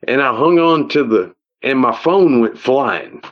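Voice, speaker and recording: A man's voice: mid-range voice, animated, a little slow. A man with an Ozark Southern accent telling a personal story in a rambling, folksy way, repeating himself as he goes, heard over a phone call. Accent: Ozark Southern American. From Ozark Mountains, United States. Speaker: guest telling a personal encounter. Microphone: phone call audio.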